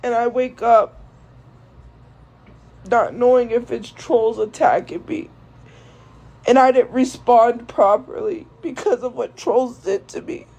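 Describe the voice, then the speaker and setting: A young woman streamer speaking to viewers in a tearful, halting way, grief-stricken and repeating herself. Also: a little high, steady tone, mellow, low-quality recording. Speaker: live streamer. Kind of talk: emotional monologue to viewers.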